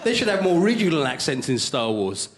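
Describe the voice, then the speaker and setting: A male stand-up comedian, hosting a comedy show with quick, cheeky punchlines before a live audience. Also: fairly high pitch, very animated, very noisy. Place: studio comedy stage with audience. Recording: live stage with loud crowd.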